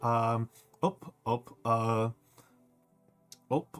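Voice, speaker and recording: A man's voice: medium pitch, steady tone, very slow, smooth, soft background music. A middle-aged man streaming, with a scratchy throat, rambling casually and reading chat aloud. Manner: rambling, self-deprecating, reads chat aloud.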